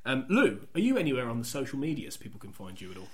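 A man's voice: medium pitch, huge pitch swings, quick pace, a little mellow. A man hosting a podcast, chatting casually and teasing his guest with a laugh. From English Midlands. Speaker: podcast host.

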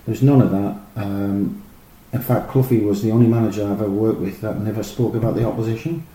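A middle-aged man, a former footballer, telling animated, rambling stories full of fillers and restarts. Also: on the low side, a little fast. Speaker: former professional footballer, guest. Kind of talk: casual anecdotal storytelling. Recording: roomy echo with faint noise.

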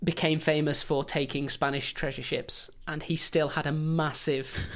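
A man co-hosting a casual history podcast, telling the story with a dry, deadpan, sarcastic manner. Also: a little high, moderate pace. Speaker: podcast co-host.

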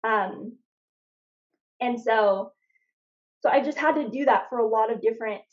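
A woman from Phoenix, Arizona talks through her story on a faith podcast. She is animated, with lots of "like" and restarts. Her voice sits on the high side, and the audio is slightly dull and lo-fi. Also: unhurried. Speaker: podcast guest. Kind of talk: casual faith podcast conversation.

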